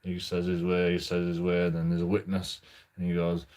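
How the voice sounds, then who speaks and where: A man telling a story in a casual, rambling monologue. He talks haltingly and swears freely. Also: low-pitched, completely flat delivery, a little mellow. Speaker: channel host.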